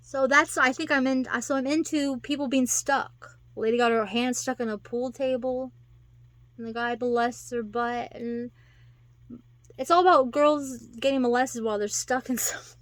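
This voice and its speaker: A woman's voice: high-pitched, steady tone, moderate pace, no echo. A woman talking casually to her viewers, rambling and giggling, acting out quotes in put-on voices. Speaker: vlogger. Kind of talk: casual monologue to camera.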